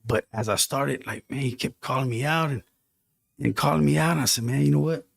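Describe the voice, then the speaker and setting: Male guest, mid-pitch, gravelly, heartfelt and casual, street slang, dry room. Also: a little fast, no echo. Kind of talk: casual storytelling.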